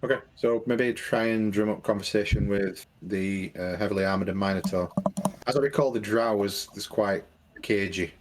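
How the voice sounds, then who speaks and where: A man's voice: on the low side, normal speed, slight background noise. A man playing a tabletop game, asking questions casually. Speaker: player.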